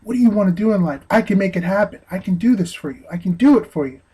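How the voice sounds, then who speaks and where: A man voicing a friendly recruiter who coaxes a homeless man, in a smooth, persuasive way. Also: sits high, lively intonation, quick pace, mellow, pitched above the performer's own voice, exaggerated voice. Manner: coaxing, smooth-talking.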